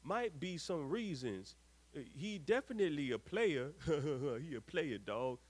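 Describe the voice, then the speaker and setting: A man hosting a live stream, reading viewer comments aloud with lively ups and downs and grumbling when his screen freezes. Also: a little high, unhurried, slightly rough. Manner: exasperated, grumbling at tech trouble. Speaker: host.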